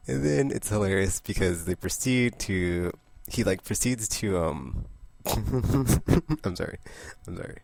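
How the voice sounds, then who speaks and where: Low gravelly man rambling about comics. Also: lively intonation, darkish tone, dry recording. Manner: rambling, laughs often, quick impressions of characters. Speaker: comic book vlogger. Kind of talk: casual comic review monologue.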